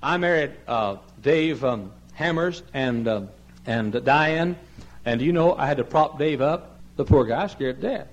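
An older pastor preaching with fervor. His voice drops to a soft plea, then climbs to ringing cries, and at times he moves away from the microphone in the sanctuary. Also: medium pitch, lively intonation, unhurried, dull audio. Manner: impassioned preaching that swings from soft pleading to loud cries. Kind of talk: sermon. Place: large church sanctuary.

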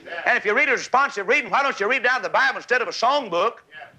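Man, old-time revival preacher; high, piercing voice, shouting bursts, noisy tent. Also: lively intonation, racing. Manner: folksy, shouting, emphatic preaching with sudden bursts. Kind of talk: fiery revival sermon.

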